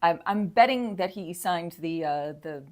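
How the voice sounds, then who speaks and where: A woman's voice: on the low side, expressive, measured pace. Laughing woman co-hosting a live show. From Texas. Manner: laughing, reads viewer comments aloud. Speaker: podcast co-host. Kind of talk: casual live-stream chat.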